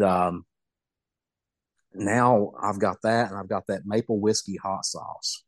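Guy rambling thru a story, low voice, folksy, dry sound. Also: moderate pace, no room sound. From Southeast Kentucky. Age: middle-aged. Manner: folksy, rambling, self-amused. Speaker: podcast guest. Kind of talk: casual storytelling.

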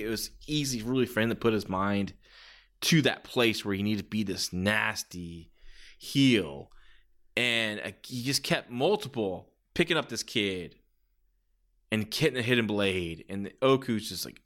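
A man hosting a podcast, reviewing in a casual, rambling way with lots of restarts. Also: medium pitch. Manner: animated, rambling with many restarts. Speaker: podcast host.

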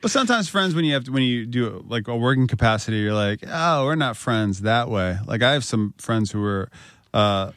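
Lively, joking American man on a dry mic. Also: medium pitch, a little fast, no room sound. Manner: animated, joking, lively storyteller. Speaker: record producer, guest. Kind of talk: casual podcast chat.

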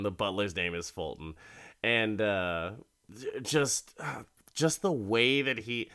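Dude rambling about a tv episode, swears a lot, low-ish bright clear voice. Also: male voice, slow. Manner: rambling, swears casually, laughs often. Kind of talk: casual chat recapping a TV episode.

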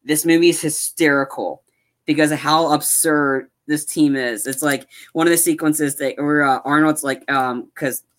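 A man on a live-streamed podcast, talking casually and rambling about movies, acting out scenes with excitement. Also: fairly high pitch, normal speed. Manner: rambling, animated, acts out movie lines. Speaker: podcast co-host.

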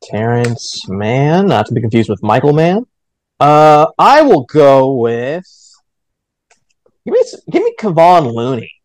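A man co-hosting a casual podcast, tossing out quick jokes as he runs the picks. His pitch jumps around a lot. The sound is dry and close, with no room echo. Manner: quick, joking, lively pitch swings. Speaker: podcast co-host running the draft. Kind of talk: casual chat.

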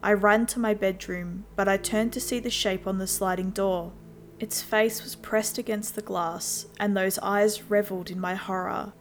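A woman narrating a first-person horror story in a steady storytelling voice. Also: medium pitch, normal speed, a little hiss or hum. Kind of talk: scripted scary story narration.

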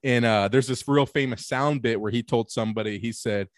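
A man's voice: medium pitch, a little fast, no room sound, clean studio sound. A man in casual podcast chat, telling rambling, profane stories with many restarts. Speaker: podcast co-host.

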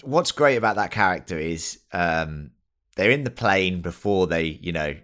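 A man's voice: low-pitched, lively intonation, unhurried, a bit bright. A man co-hosting a casual film review chat, enthusiastic and swearing freely as he acts out lines. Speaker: podcast co-host.

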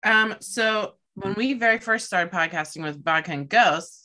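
A woman guest on a podcast, chatting casually with quick, upbeat interjections. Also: medium pitch, bright, forceful tone.

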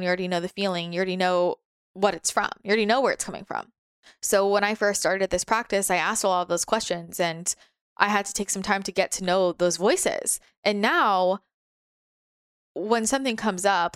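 Smooth-voiced woman giving a gentle spiritual talk. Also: no echo, clean studio sound. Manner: gentle, soothing, occasionally voices her ego in a higher pitch. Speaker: spiritual teacher.

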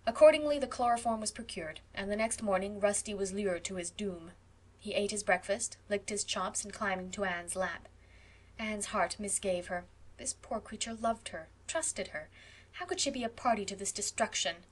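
Expressive woman narrating a classic novel. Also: mid-range voice, normal speed. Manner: expressive storytelling. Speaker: audiobook narrator. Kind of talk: scripted narration.

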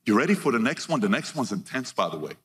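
A man with a mid-range voice talks quickly through a motivational keynote before a live audience. He's energetic and punchy, snapping out figures in short bursts and peppering the crowd with questions.

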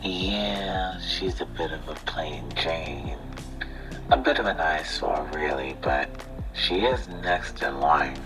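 A man's voice: rumbling low, slow pace, fairly bright tone, soft background music, full character voice, poor audio. A man voicing a smug, snarky CEO. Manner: snarky, teasing drawl. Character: smug, flirtatious male CEO, condescending. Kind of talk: audiobook drama reading.

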